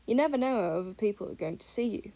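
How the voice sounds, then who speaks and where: A woman's voice: mid-range voice, lively intonation, fast, warm tone, natural voice. A woman voicing a friendly, easygoing male wizard professor, reassuring and chatty.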